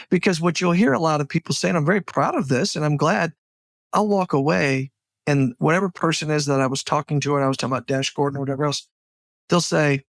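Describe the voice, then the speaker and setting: A man with a fairly high voice tells his personal story in an earnest, candid way. He speaks close to the microphone in a dry room with no echo. The delivery is heartfelt and conversational. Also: quick pace. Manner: heartfelt, candid, faith-driven. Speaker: podcast guest.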